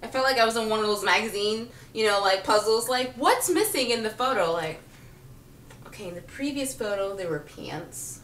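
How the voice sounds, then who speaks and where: A woman's voice: mid-range voice, moderate pace, reverberant, far from the mic, slight background noise. A woman telling a comic personal story in a casual, sassy way, laughing often and acting out what people said. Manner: animated, sassy, laughs often, acts out quotes. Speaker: vlogger.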